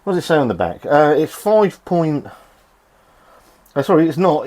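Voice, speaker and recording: A man's voice: fairly high pitch, sing-song, normal speed, darkish tone. Brief: middle-aged male vlogger, sweary and rambling, voice swinging up and down. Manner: sweary, grumbling, rambling with restarts. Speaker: beer reviewer. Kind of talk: casual vlog review. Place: home shed.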